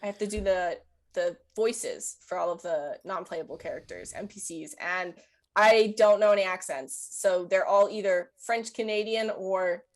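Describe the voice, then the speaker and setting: A woman guest on a podcast, talking casually with quick asides and bursts of laughter. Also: medium pitch. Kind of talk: casual chat.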